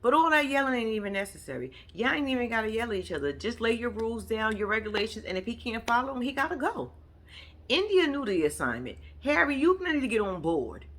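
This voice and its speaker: A woman's voice: on the high side, sing-song, quick pace, a bit bright. A woman giving a casual commentary recap of a reality TV episode, blunt and profane, acting out the people she quotes.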